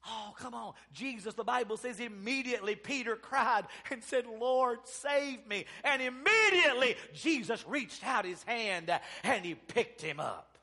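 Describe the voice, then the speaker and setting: A male pastor delivers a church sermon in a strikingly high, bright, forceful voice. He peppers his preaching with amens and moves between hushed lines and loud, ringing ones. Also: animated, normal speed, gravelly, hardly any pauses, slightly rough. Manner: preaching with call-and-response amens, swinging from soft to loud.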